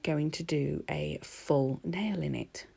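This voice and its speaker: A woman's voice: low voice, takes it slowly, creaky, dark tone, slightly rough. A woman narrating her nail art in a chatty, rambling voice-over recorded at home. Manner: chatty and rambling, with laughs and ums.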